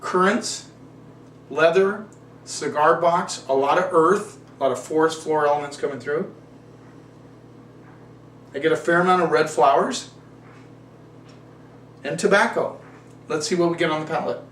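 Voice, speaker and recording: Male wine show host, casual and rambling, slightly high voice, recorded roomy and off-mic with faint ambience. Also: a little slow, long pauses, fairly bright tone, distant mic, slight background noise. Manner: folksy, rambling, self-correcting. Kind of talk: casual wine tasting talk.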